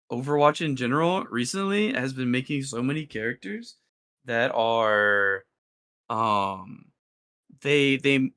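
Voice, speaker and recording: A young man talking fast and loose on a live esports podcast, stumbling through thoughts with plenty of fillers. His pitch sits in the usual middle range for a man, and his bursts of excitement pile up and trail off. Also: clear, resonant tone. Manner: rambling, filler-heavy, excitable. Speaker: podcast co-host. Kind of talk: casual podcast chat.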